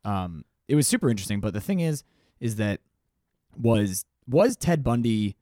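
A man with a New Jersey accent chatting on a podcast, his voice leaping up in pitch when he gets worked up. He talks crudely and jokingly, recorded dry and close with no room echo. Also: very animated, normal speed, dark tone. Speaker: podcast co-host. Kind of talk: casual chat.

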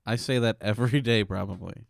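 A man's voice: lowish voice, a little fast, gravelly, dry recording, clean studio sound. A man co-hosting a podcast, sarcastic and joking, swearing casually. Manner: sarcastic, swears, cracks jokes. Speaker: podcast co-host. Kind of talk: casual chat.

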